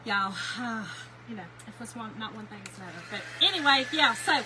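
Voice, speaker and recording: A woman's voice: fairly high pitch, expressive, brisk. A woman, hosting a casual craft live stream and telling a home story to her viewers in a chatty way. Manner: chatty storyteller, talks straight to viewers and greets them by name. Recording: noticeable background noise.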